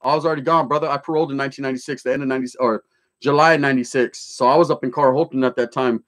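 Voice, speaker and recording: A man's voice: medium pitch, steady tone, racing, fairly bright tone. A middle-aged man from California hosting a casual livestream, reading chat and telling stories in streetwise slang with plenty of swearing.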